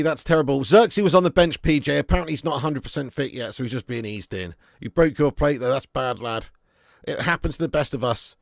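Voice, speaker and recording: A man's voice: fairly high pitch, gravelly, no room sound, clean studio sound. Blunt, jokey man. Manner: blunt, jokey, swears freely, calls viewers mate and lad. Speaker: fan channel host reading live chat. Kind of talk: casual livestream chat.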